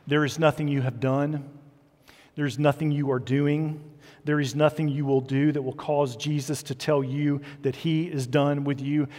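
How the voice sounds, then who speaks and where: A man preaching a sermon as pastor, earnest and dropping into soft, quiet emphasis. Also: on the high side. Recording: long hall reverb.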